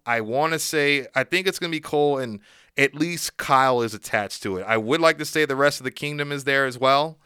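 Bright, smooth-voiced man in casual chat. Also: medium pitch, no room sound, clean studio sound. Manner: opinionated, casual. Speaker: podcast co-host.

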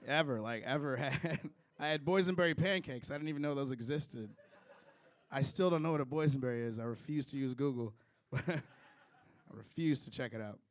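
A young stand-up comedian from Chicago does a loose, chatty set with crowd work, chuckling at his own jokes. His mid-range voice runs a little fast.

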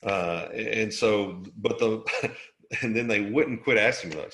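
A man's voice: fairly low pitch, unhurried, fairly bright tone, echoey room. A middle-aged man from Alabama, an interview guest telling a story in a casual, jokey way and laughing often.

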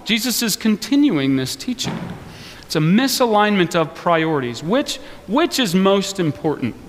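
A man with a high voice preaches a sermon in a big hall that rings with reverb. He talks loosely and with humor, like a chat with the congregation. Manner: conversational and joking, animated. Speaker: pastor. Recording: long reverb of a large hall.

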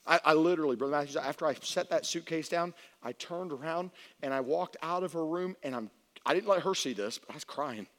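A middle-aged man preaching as a youth pastor, telling a personal story that swings from hushed to shouting. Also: fairly high pitch, fairly quick. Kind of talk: sermon. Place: large church hall. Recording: long hall reverb.

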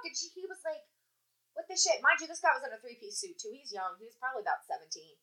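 A woman's voice: sits high, fast, low-quality recording. A woman casually telling a story about her job in a toll booth, swearing freely and acting out what people said. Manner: animated, profane, acts out quotes.

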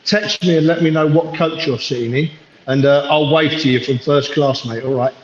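A man's voice: fairly high pitch, steady tone, moderate pace, slight background noise. Guy on a phone at a train platform, echoey and muffled, chatty and fond. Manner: warm, affectionate, rambling. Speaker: caller on a fan podcast. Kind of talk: casual chat.

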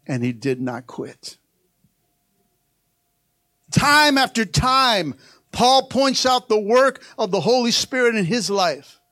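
A middle-aged man preaching a sermon as pastor, swinging between quiet asides and loud rallying shouts, joking with the congregation. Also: high voice, dry recording.

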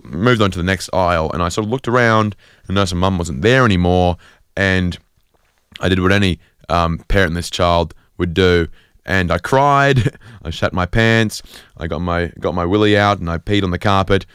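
A man's voice: sits low, normal speed, a bit bright, clear, resonant tone, dry recording, clean studio sound. Rambling Australian man on late-night radio. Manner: rambling, self-deprecating, full of fillers and restarts. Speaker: radio host. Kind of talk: comedic rambling monologue. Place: community radio studio.

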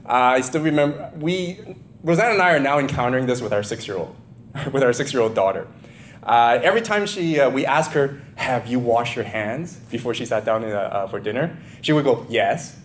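A man's voice: mid-range voice, brisk, slight background noise. A middle-aged man preaching a sermon, reading scripture aloud and then telling personal stories in a loose, conversational way with frequent chuckles. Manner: animated storytelling, chuckles often, loose conversational asides. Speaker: pastor.

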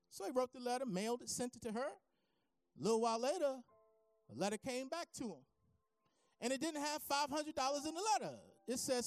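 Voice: high voice, a little fast, no room sound, soft background music. Dry, close preacher delivering a sermon. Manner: rises from calm teaching to shouted, sing-song preaching. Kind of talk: sermon with storytelling.

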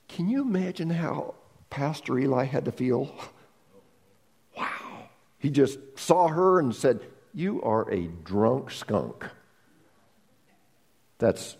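A man preaching a sermon as a pastor, telling a Bible story with lively humor and asides. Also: fairly high pitch, big-room sound.

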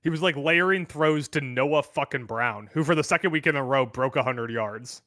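Man, sports podcast co-host, casual teasing banter, crisp bright tone, dry close mic. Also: medium pitch, moderate pace, dry recording.

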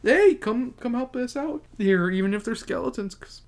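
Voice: medium pitch, expressive, moderate pace, a bit bright, close to an everyday voice. A host doing a crude ranting scientist. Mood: brash.

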